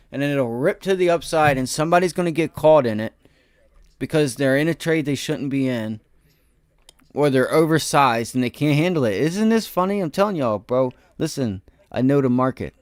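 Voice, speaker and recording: A man at a mid-range pitch hosts a live day-trading stream with boastful, slangy commentary. He jumps from loud excited calls to quiet muttering, always talking to his viewers. The sound is dry, with no room echo. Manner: swings between loud bursts and low mutters. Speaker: day-trading livestream host. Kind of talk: live stock market commentary.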